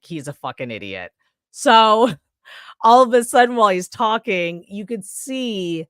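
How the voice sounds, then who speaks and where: A woman's voice: lowish voice, a bit bright, dry recording, studio quality. A woman co-hosting a podcast, casually recapping a horror movie in a rambling way, swearing freely and acting out characters' lines. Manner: rambling, swears freely, acts out scenes in quoted voices. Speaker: podcast co-host. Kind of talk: casual movie review chat.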